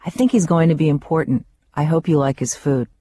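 A suave, worldly man of fine dining, smooth and sure of himself, as a woman narrator lightly puts him on. The voice stays mellow and close, in a dry recording. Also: low-pitched, a little fast, dry recording. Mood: assured. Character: suave, worldly male food editor.

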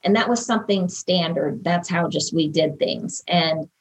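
Low-voiced woman recounting her marriage. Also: a little slow, breathy edge. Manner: earnest, emotional retelling. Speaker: interviewee. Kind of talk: personal recollection in an interview.

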